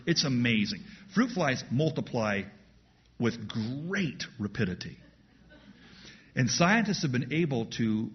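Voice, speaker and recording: A man's voice: mid-range voice, breathy edge, dull audio. A man teaching verse by verse through a sermon, who jokes and laughs at himself, then repeats key words with emphasis. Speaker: pastor.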